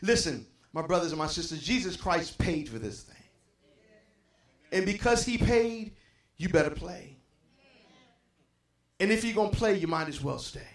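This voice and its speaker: A man's voice: sits high, expressive, normal speed, pauses often. A male pastor preaching a sermon, swinging from impassioned emphasis to near-whispers and repeating phrases for effect. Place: church sanctuary. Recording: echoey church sanctuary.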